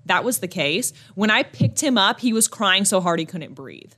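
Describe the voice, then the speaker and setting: A young woman talks on a podcast with a bright, clear voice. She tells stories in an animated way, full of laughter and little asides. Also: mid-range voice, normal speed. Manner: animated storytelling with lots of laughing and "like". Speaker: podcast co-host. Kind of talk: casual chat.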